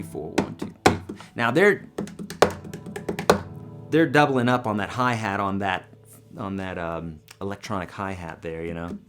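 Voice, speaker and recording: A man teaching a song on guitar in a live stream, talking casually and breaking into sung lines. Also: fairly low pitch. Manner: casual, chatty explaining with sung demo lines. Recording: loud guitar playing behind voice.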